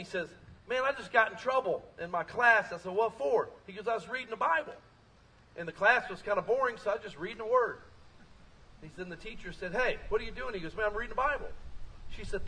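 A man preaching a lively sermon as pastor, telling stories and rising to shouts. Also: high voice, distant mic, slight background noise, low-quality recording. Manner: energetic, storytelling, rising to shouts.

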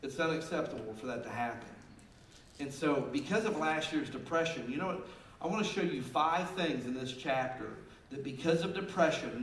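A man's voice: a little high, a little hiss or hum. Emphatic preacher man in a roomy hall. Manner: emphatic, swinging between loud emphasis and quiet asides. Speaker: pastor. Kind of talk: sermon. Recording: roomy and distant with faint ambience.

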